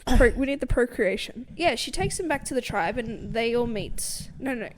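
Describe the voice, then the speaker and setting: A woman's voice: a little high, lively intonation, normal speed, slight background noise. A young woman co-hosting a book podcast, recapping a novel in casual chat with lots of fillers and frequent laughs. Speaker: podcast co-host.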